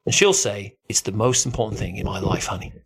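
A man co-hosting a podcast, chatting casually and animatedly, often jumping into a high excited voice. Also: fairly quick, husky. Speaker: podcast co-host. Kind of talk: casual chat.

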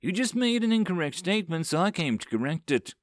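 A man voicing an ancient, pleasant cosmic being that speaks calmly and precisely. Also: mid-range voice, normal speed, no echo.

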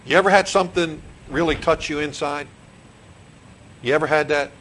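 A man's voice: on the high side, moderate pace, a bit bright, slight background noise, poor audio. A middle-aged man, a pastor preaching a sermon in a church, who repeats questions to the congregation and restarts his phrases. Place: church sanctuary.

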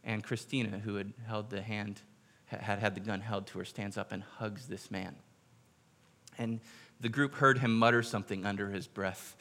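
Man, pastor, sermon storytelling, bright forceful tone, drops quiet for quotes. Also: on the low side, steady tone. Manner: drops quiet for quoted speech, slows for emphasis.

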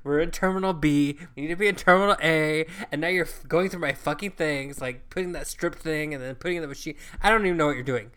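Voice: medium pitch, fast, few pauses, a bit bright, clean tone. A co-host telling a travel story in casual chat, swearing freely and acting out what people said. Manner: profane, chatty, acts out quoted lines.

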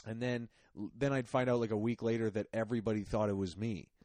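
A young man with a lowish, mellow voice tells rambling, self-mocking stories full of fillers. It is casual comedic podcast chat, recorded close and dry. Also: fairly even intonation, fast talker, no echo. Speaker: podcast co-host.

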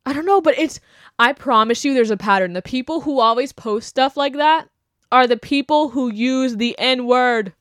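Young female podcast host, casual and blunt, mocking tone, slightly high pitch. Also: moderate pace, no room sound, studio quality. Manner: blunt, animated, mocking quotes. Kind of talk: casual opinion chat.

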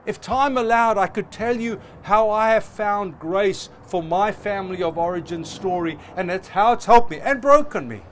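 Preaching at a moderate pace with hardly any pauses, a middle-aged male pastor uses a high-pitched, expressive voice over slight background noise. He is passionate and emphatic, building his sermon with rising repetitions.

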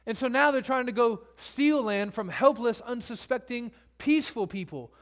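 A man's voice: very high voice, expressive, moderate pace. A male pastor preaching a sermon, retelling scripture in casual everyday speech.

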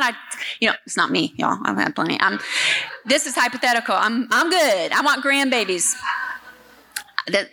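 High, bright-voiced woman preaching. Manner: emphatic, talks directly to the congregation. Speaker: guest speaker. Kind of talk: sermon. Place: church service.

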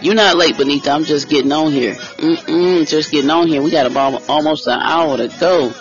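A man's voice: on the high side, normal speed. A man hosting a casual live stream, chatting with viewers by name and reading out lottery numbers. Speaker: livestream host giving lottery picks. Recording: dull lo-fi stream audio with faint music.

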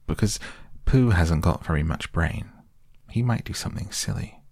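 A man with a husky, gravelly voice voicing an eager, affectionate small boy in a storybook reading, lifting his pitch for the child. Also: animated, moderate pace, darkish tone, no room sound, studio quality, exaggerated voice.

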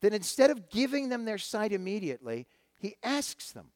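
A male pastor with a fairly high voice retells a scripture story conversationally, stopping often to restart a phrase. The sound is dry and close, with no room echo. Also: very animated, fairly quick. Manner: conversational, with frequent fillers and restarts. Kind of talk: sermon storytelling.

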